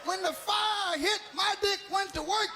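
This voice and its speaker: A man's voice: very high voice, unhurried, raised voice, noisy background. A man performing live stand-up comedy, telling a profane story and jumping into acted voices.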